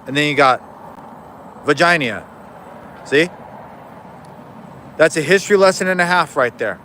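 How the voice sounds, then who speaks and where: At a moderate pace, a man with a fairly high, pushed, bright voice rambles casually on his live stream. He cracks jokes and cuts himself off often, and there's a slight hiss or hum.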